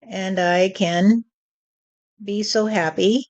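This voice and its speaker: Slow, deliberate woman channeling spirit. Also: medium pitch, fairly even intonation, a little mellow, lo-fi sound. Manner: slow, deliberate, repeats "you see".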